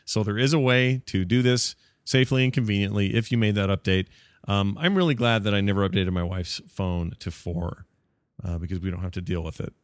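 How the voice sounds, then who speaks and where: A man's voice: fairly low pitch, a little fast, no echo, clean studio sound. Chatty, laughing male podcast host. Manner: joking, laughs often, chatty. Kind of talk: casual chat.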